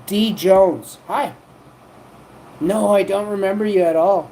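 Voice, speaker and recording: A woman's voice: medium pitch, takes it slowly, pauses often, dark tone, a little hiss or hum, low-quality recording. A woman hosting a livestream, rambling and joking as she teases people in the chat. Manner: rambling, joking, teasing chatters. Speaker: livestream host. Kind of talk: rambling live-chat banter.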